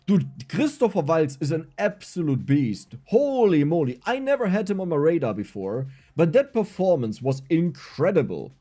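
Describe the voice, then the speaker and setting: A man's voice: on the high side, moderate pace, few pauses. A young man with a German accent, a German native speaker, chatting casually and rambling animatedly on his livestream while gaming. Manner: animated, rambling, frequent restarts. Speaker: streamer. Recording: faint game music behind.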